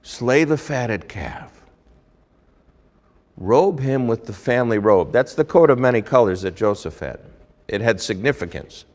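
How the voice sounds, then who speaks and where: A male pastor preaching a sermon, telling a Bible story with lively swings between hushed and loud delivery. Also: medium pitch, a little slow.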